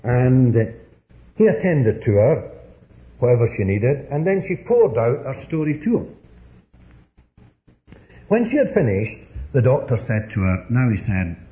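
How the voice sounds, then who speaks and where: A man's voice: medium pitch, big pitch swings, unhurried, long pauses, mellow. A man preaching a sermon, telling stories earnestly and pressing his points with rising emphasis. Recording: dull lo-fi sermon recording.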